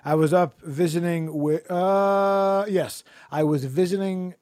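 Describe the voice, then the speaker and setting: A man chatting on a podcast, his voice sitting a little high. He rambles through anecdotes and laughs often. The sound is dry and close. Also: slow pace, a little mellow, no echo. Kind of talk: casual podcast chat.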